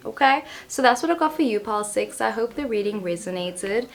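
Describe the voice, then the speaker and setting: A woman's voice: a little high, animated, a little fast, creaky. Chatty young woman doing a tarot reading. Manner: chatty, playful, laughs at herself. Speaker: tarot reader. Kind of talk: casual tarot reading to camera.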